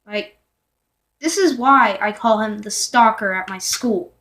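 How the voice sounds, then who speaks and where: A young girl vlogger rambles through a storytime vlog, full of fillers and asides, sometimes dropping to a whisper. Her voice is medium in pitch and a bit bright, and she speaks a little slowly.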